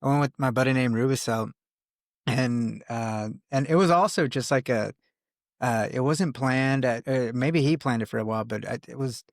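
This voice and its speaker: Host: young man, gravelly, laid-back and chatty, dry close recording. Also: medium pitch, moderate pace, dry recording. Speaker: podcast host. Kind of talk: casual chat.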